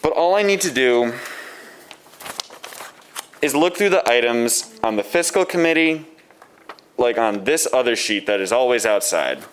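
A man's voice: mid-range voice, lively intonation, measured pace, long pauses, slight background noise. A man giving a scathing, sarcastic public comment at a city council meeting.

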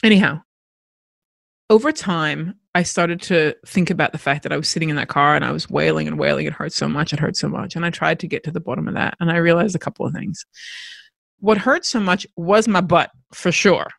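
Podcast host, female, gravelly creaky voice, candid storytelling, dry close sound. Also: low voice, fairly quick, fairly bright tone, no echo. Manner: candid, reflective, with frequent restarts. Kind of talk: personal storytelling monologue.

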